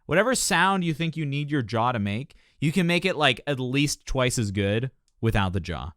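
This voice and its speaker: A man's voice: medium pitch, normal speed, few pauses, no echo, studio quality. A man working as a vocal coach, giving passionate, joking commentary while reacting on a live stream. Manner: passionate, joking, animated teaching.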